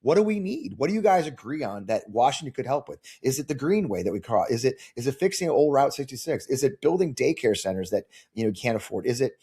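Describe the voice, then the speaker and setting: A man running for Congress, answering interview questions as an animated storyteller with many restarts. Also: medium pitch, quick pace, few pauses, slightly rough. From Missouri. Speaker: congressional candidate.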